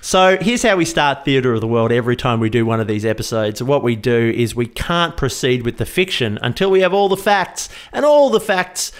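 Jokey podcast host, animated. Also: male voice, medium pitch, smooth. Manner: jokey, quick quips. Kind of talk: casual podcast chat.

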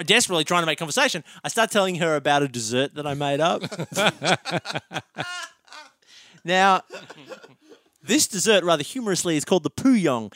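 A man's voice: fairly high pitch, no room sound, studio quality. A man chatting casually as a podcast co-host, telling a story and laughing through it. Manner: animated, laughs through his own story.

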